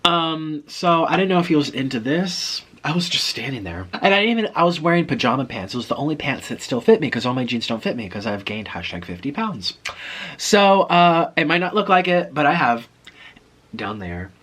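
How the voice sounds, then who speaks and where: A man from South America telling a personal story in an animated, chatty, self-deprecating way. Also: a little high, fairly quick, slightly rough. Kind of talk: casual storytelling.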